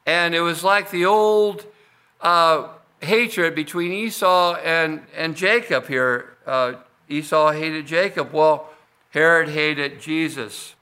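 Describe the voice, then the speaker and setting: A man delivers a sermon in a slightly high, bright and forceful voice. He works through scripture at a measured pace, pausing on fillers and restarting phrases as he goes. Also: clean tone. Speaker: pastor.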